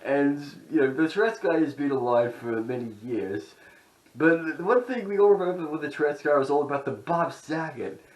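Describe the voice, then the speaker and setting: A man's voice: fairly high pitch, moderate pace. A man vlogging in a casual, rambling way, chuckling between thoughts. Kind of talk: casual chat. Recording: roomy echo.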